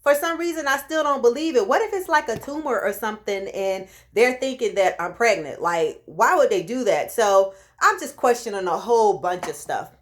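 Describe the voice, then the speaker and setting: A woman in her late thirties talks straight to the camera in a relaxed vlog. Her voice sits a little high, and she tells her story in a lively way, acting out what each person said. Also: normal speed, few pauses. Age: 30s. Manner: animated, acts out quoted voices. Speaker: vlogger.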